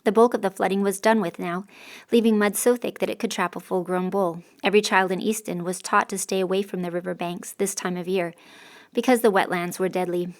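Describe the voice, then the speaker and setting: A woman's voice: medium pitch, fairly even intonation, brisk. A woman reading a first-person novel aloud as an audiobook narrator, with a dry, sardonic delivery.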